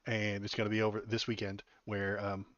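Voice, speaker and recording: A man's voice: lowish voice, completely flat delivery, fairly quick, a bit bright, no echo. A male political live streamer giving casual, rambling, sarcastic commentary into a desk mic while wearing headphones. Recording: dull dry home stream audio.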